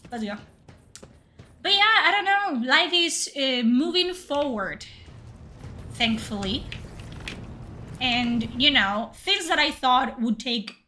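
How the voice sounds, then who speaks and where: A woman's voice: a little high, bright, forceful tone, slight background noise. A woman streaming a game, chatting casually and swearing, reading chat aloud. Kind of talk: casual livestream chat while gaming.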